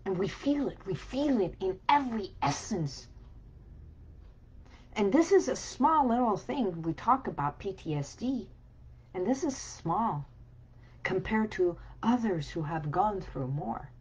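A woman wellness coach giving a slow, soothing motivational talk, sometimes dropping into soft whispered affirmations. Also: medium pitch, expressive, slightly rough.

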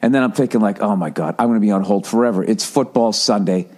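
A man's voice: on the low side, fairly even intonation, fast. A man in his forties from the United States, telling a comic story as a podcast host in a profane, exasperated rant. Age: 40s. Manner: profane, exasperated, mimics voices loudly.

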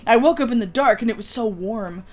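A woman's voice: a little high, expressive, a little fast, a little mellow, lightly acted. A woman reading a visual novel aloud, voicing a clingy, lovestruck young man who was newly turned, with a trembling, pleading delivery. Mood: awed. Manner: pleading, breathless devotion.

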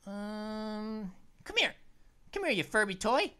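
A woman's voice: mid-range voice, slow, clean tone. A woman hosting a let's play, chatting casually and jumping at every scare. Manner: excitable and easily startled, chatty. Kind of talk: casual gameplay commentary.

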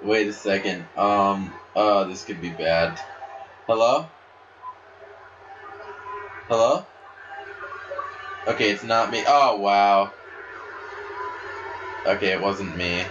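A man giving play-by-play commentary on a wrestling video game, excitable and breaking into shouts at big moves. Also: on the low side, slow, long pauses, muffled recording. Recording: steady background noise.

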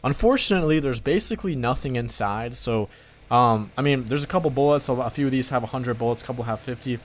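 A man in his twenties hosting casual gameplay commentary, chatty and rambling, with a voice starting to go hoarse. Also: medium pitch, fast. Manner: chatty, rambling, talks straight to viewers. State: voice going hoarse. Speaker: gaming channel host.

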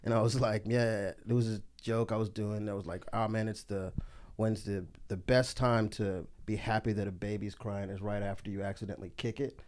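A man's voice: lowish voice, steady tone, brisk, darkish tone. A man, a comedian guest on a podcast, telling rambling stories in casual chat and laughing through them.

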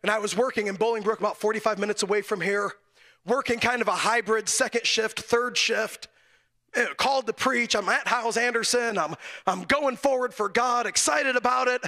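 A male preacher with a high, bright voice tells a story from the pulpit. He chuckles often and backs up to restart his phrases as the tale builds. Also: moderate pace. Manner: animated storytelling, frequent chuckles and self-corrections. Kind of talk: storytelling sermon. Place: church.

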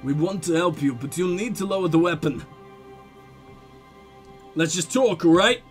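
An actor playing a reserved police lieutenant, speaking quietly and evenly. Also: male voice, high voice, lively intonation, soft background music. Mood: calm. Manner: measured, quiet.

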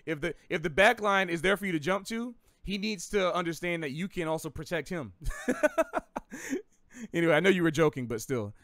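A man's voice: on the high side, fast, hardly any pauses, a bit bright, no room sound, clean studio sound. Chatty Southern man teaching jazz. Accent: slight Southern American. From American South. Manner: rambling, self-correcting, chatty with gaming analogies. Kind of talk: casual livestream lesson.

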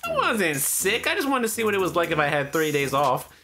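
A young man talks his way through a western video game, swearing freely and bursting into shouts whenever things go wrong. His voice leaps up and down with lively swings. Game music and the clip-clop of horse hooves play underneath him. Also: on the high side, a little fast. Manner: excitable, profane, shouting outbursts. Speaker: gaming YouTuber. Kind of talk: casual gameplay commentary.

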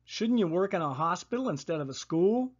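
A storyteller voicing an excitable young schoolgirl who blurts out loud questions. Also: mid-range voice, fairly quick, breathy edge, muffled recording. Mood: excited.

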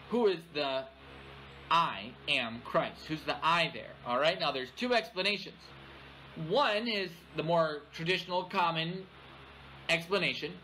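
Male pastor, high and bright voice, expository sermon with "all right?" check-ins, faint noise. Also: rough recording. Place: church.

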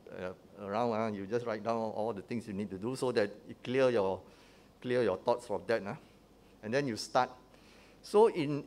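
A man's voice: medium pitch, a little mellow. A man teaching a sermon in a conversational way, often checking in with the congregation with "huh?" and "right?" and restarting his phrases. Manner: often restarts and repeats words.

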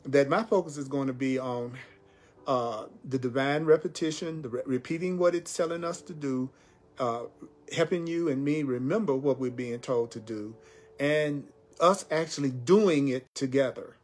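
A man teaching a spiritual class, speaking emphatically and repeating affirmations slowly. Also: mid-range voice, darkish tone. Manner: emphatic, slow repetitions of key phrases.

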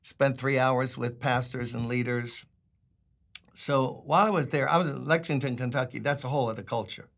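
A man's voice: mid-range voice, steady tone, normal speed, gravelly, a bit bright. An older man with a New York accent, a pastor giving a chatty, emphatic Bible teaching with jokes along the way. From Brooklyn, New York.

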